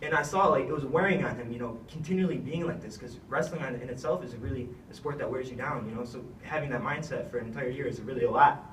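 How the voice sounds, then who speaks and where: A man's voice: mid-range voice, fast talker, few pauses, fairly bright tone, far from the mic, slight background noise. Young man, earnest farewell speech, rambling, fillers; off-mic in an echoey room. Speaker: retiring wrestler giving a thank-you speech. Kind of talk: heartfelt speech.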